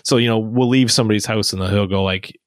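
A man in his thirties chatting casually as a podcast co-host, telling lively stories and putting on childlike quotes. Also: fairly low pitch, fast talker, no room sound, clean studio sound. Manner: animated storytelling with childlike voiced quotes. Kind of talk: casual chat.

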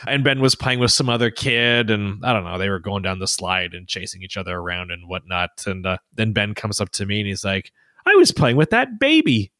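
A man in his thirties, a podcast co-host, telling stories in a casual, animated way and laughing often. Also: a little fast, hardly any pauses, dry recording, clean studio sound. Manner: animated storyteller, laughs often, high child voices in quotes. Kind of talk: casual chat.

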